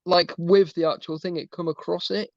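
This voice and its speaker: A man's voice: high-pitched, steady tone, moderate pace, gravelly, no echo, lo-fi sound. A man in casual chat on a stream, rambling and calling everyone mate.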